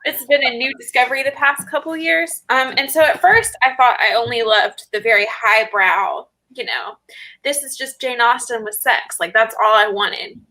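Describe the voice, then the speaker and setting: A woman's voice: fairly high pitch, normal speed, sharp tone, low-quality recording. A woman in casual chat on a video call, gushing and playfully dramatic, laughing often. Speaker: indie bookseller guest.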